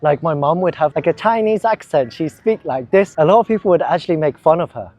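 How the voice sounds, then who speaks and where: A man's voice: on the high side, expressive, very fast, a little mellow, highs cut off. A chatty young man from England, talking casually in a vlog outdoors in a park, full of fillers. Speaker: vlogger.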